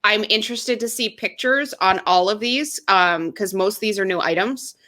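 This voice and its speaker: A woman co-hosting a casual podcast chat, talking in quick, chatty asides. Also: medium pitch, pushed and bright. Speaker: podcast co-host.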